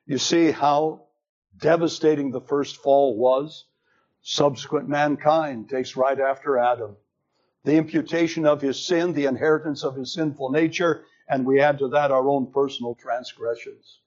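A man preaching a sermon, slow and emphatic, with dramatic swings in pitch. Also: steady tone, darkish tone. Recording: dull lo-fi sermon recording.

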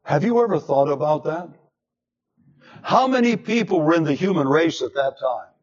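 Male preacher, slightly high voice, deliberate sermon delivery. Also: lively intonation. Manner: slow, emphatic delivery with dramatic pitch swings. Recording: dull lo-fi sermon recording.

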